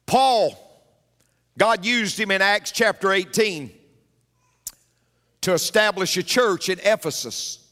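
A man preaching with a rather high voice. He tells stories from the pulpit and repeats his key lines for emphasis. His voice rings with the long reverb of a church hall. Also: slow pace, long pauses, pushed and bright. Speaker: pastor. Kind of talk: sermon.

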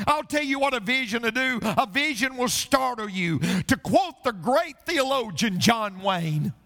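A man's voice: very high-pitched, expressive, moderate pace, few pauses, pushed and bright, long reverb tail. A male pastor preaching a sermon, telling stories and building to repeated refrains.

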